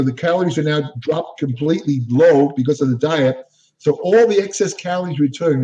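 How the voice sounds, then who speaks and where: Telling stories as an interview guest, an older man uses a mellow, fairly high voice. His anecdotes meander, and he keeps correcting himself mid-telling, all captured in dull, distant, low-fidelity sound.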